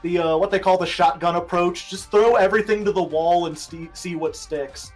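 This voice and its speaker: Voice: mid-range voice, steady tone, moderate pace, soft background music. A streamer being interviewed in casual chat, laid-back and joking, cursing freely. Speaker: streamer guest.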